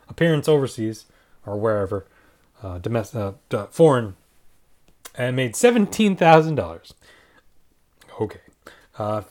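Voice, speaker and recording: A man's voice: medium pitch, darkish tone. A man casually reviewing movies in a rambling, offhand way, full of fillers and restarts. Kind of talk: casual movie ranking talk.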